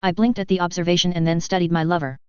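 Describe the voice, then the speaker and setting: A woman reads a first-person story in an even, measured way. Her voice is low and very smooth, and the recording is dry and a little dull. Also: no echo. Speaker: audiobook reader.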